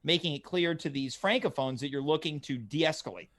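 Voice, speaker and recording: High-voiced polite host. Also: male voice, fairly quick, fairly bright tone. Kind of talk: comedic interview hosting.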